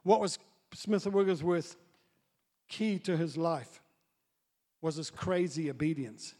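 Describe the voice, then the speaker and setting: High-voiced man preaching in an echoing hall. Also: slow. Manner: swings from soft asides to loud excited storytelling. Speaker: pastor. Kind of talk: sermon. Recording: long hall reverb.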